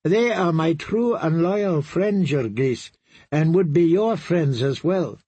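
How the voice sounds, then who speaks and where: A poised, scheming princess speaks with calm persuasion, as a male narrator puts her on. Her voice is raised well above his own, slow and slightly husky. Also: a little high, dry recording, voice pushed up, full character voice. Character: proud, scheming young princess.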